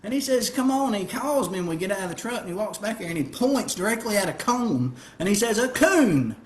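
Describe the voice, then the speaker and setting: A man's voice: high-pitched, expressive, quick pace. A man with a Southern American accent from the American South, teaching the Bible in a folksy, storytelling way with frequent "okay?" check-ins. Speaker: preacher.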